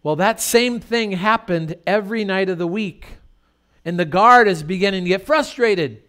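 A man's voice: high voice, moderate pace, fairly bright tone, clean tone. A middle-aged male pastor preaching a sermon in a conversational, storytelling way with rhetorical questions.

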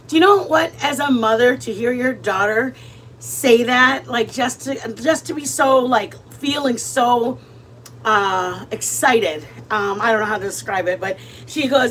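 Greeting her viewers by name, a middle-aged livestream cooking host rambles in relaxed chat as she prepares food. She speaks unhurriedly in a slightly high, somewhat bright voice, with a little background noise.

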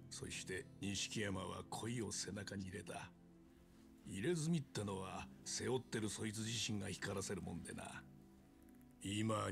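Yakuza mentor, grave, measured, low, gravelly, game cutscene, faint music. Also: male voice, a bit bright. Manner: slow, measured, solemn. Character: older male yakuza mentor, grave and reflective.

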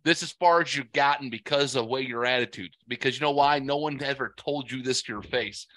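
A man's voice: mid-range voice, brisk, fairly bright tone, dry recording. A man hosting a podcast, ranting angrily and cursing constantly in casual chat. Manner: profane angry ranting. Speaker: podcast host.

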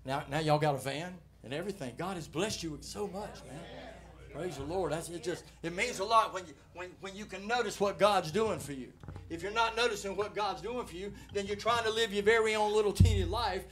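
A middle-aged preacher with a Southern drawl, his voice pitched fairly high for a man. He preaches in a folksy, animated way, swinging between rousing calls and soft asides to his flock. The sermon is delivered in a church. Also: a little fast. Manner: folksy, animated, shifting from loud exhortation to quiet asides. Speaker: pastor. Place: church sanctuary.

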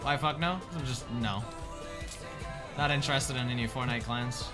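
A young man streaming live, chatting with his viewers in a joking, sarcastic way and swearing often as he swings between mutters and shouts. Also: mid-range voice, moderate pace. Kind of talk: casual live-stream chat, answering viewers. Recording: game stream with clear background music.

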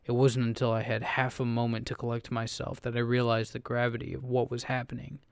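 Gravelly flat-voiced man narrating horror. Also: medium pitch, a little fast, dry recording, clean studio sound. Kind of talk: scripted horror story narration.

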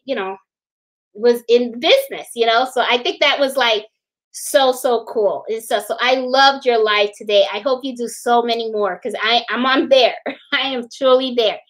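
A woman with a high voice talks casually on a live stream. She rambles and repeats phrases, greets viewers, and laughs often. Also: rough recording. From Puerto Rican. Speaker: livestream host.

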